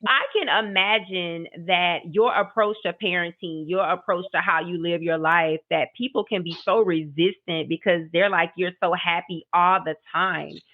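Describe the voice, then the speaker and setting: A podcast host asks earnest, measured questions of a guest. The voice comes through thin and tinny, like a phone line. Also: medium pitch, fairly even intonation. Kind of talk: interview questions.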